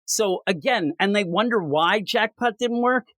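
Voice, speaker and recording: A man's voice: high-pitched, normal speed, no room sound. A man co-hosting a comic book podcast, recapping issues in casual chat and acting out the dialogue. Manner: animated, acts out dialogue in voices.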